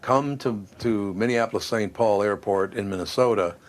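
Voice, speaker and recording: Male host, somewhat low voice, wisecracking, casual live chat. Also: normal speed. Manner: wisecracking, steering the talk. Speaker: show host. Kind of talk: casual radio-podcast chat.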